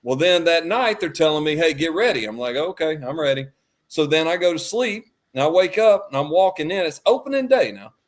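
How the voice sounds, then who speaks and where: A man telling a lively story as a podcast guest, acting out quotes and laughing often. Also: fairly high pitch, a little fast, hardly any pauses. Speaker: podcast guest, former quarterback. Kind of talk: animated storytelling.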